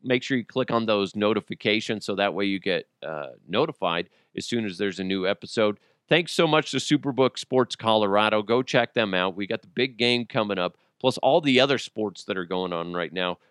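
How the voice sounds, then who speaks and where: Profane joking podcast host. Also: male voice, fairly low pitch, animated, brisk, few pauses, a bit bright, smooth, no room sound, studio quality. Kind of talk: casual solo podcast chat.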